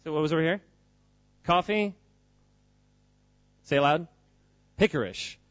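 A man's voice: a little high, measured pace, a bit bright, dry recording, dull audio. A man giving an informal, joking talk to a live audience, quizzing the crowd as he goes. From United States. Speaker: speaker at a church gathering.

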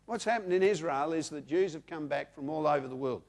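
A man's voice: on the high side, fairly quick, a little mellow. An Australian man in his sixties preaching a sermon, repeating key phrases for emphasis and reading scripture aloud. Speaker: pastor.

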